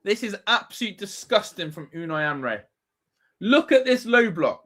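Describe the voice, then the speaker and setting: A man's voice: high voice, big pitch swings, normal speed, a bit bright. A man hosting a live football watch-along, ranting and swearing in exasperation at his team. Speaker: fan channel host.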